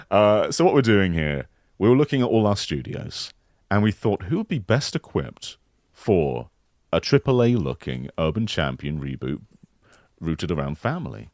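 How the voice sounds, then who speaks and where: Deep-voiced man, lively joking podcast pitch. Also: dry recording, studio quality. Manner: playful, joking improv pitch with quick voice switches. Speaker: podcast co-host pitching a mock game. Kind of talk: casual comedic podcast chat.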